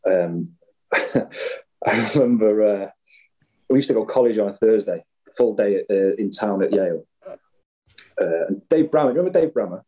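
A man in his thirties telling a lively anecdote in a casual chat, acting out the voices of the people in his story. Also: on the low side, unhurried, long pauses, breathy edge, low-quality recording. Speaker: guest storyteller.

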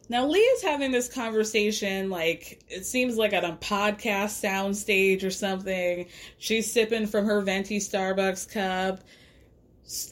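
A woman hosting a podcast, recapping reality TV in a chatty, animated way, acting out what people said. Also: medium pitch. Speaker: podcast host. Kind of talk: casual pop culture recap.

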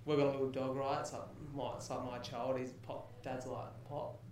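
A man's voice: mid-range voice, little pitch movement, normal speed, background noise. A young man hosting a podcast, telling a story in casual chat and swearing freely. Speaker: podcast host. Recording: roomy echo, mic at a distance.

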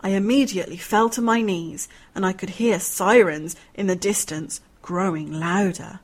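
A woman narrating a horror story aloud in an expressive, dramatic reading with a cheery touch. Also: mid-range voice, moderate pace, hardly any pauses.

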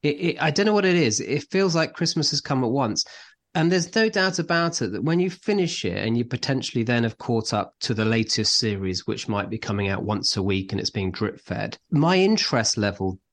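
A man's voice: medium pitch, lively intonation, fairly quick. A man co-hosting a casual podcast, chatting about TV and running a light quiz in a rambling, teasing way. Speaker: podcast co-host.

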